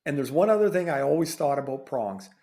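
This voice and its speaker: Dude co-hosting a podcast, bit higher voice, sardonic storyteller vibe. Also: male voice, expressive, a little fast, vocal fry, warm tone. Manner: conversational, repeats phrases, a bit sardonic. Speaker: podcast co-host, former player. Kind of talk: casual storytelling.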